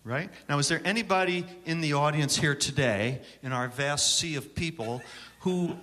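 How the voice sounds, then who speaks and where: Presenting a songwriting workshop, a man from Syracuse, New York trades jokes with a live audience in a conference hall that carries long reverb. His voice is on the high side and fairly bright.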